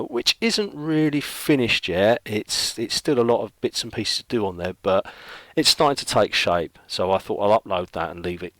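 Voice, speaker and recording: A middle-aged man talks an illustration vlog through in a very low voice, musing aloud and filling gaps with ums and restarts. The sound is dry and close, with no room echo around him. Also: a bit bright. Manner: rambling, thinking aloud with many fillers. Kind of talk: casual narration while drawing.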